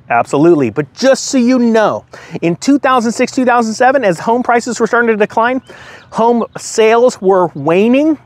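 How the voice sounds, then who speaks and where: A man's voice: a little high, no room sound. A man hosting his own finance video in a casual, chatty way, a little out of breath, with sarcastic asides. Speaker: finance YouTuber host. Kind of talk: casual direct-to-camera commentary.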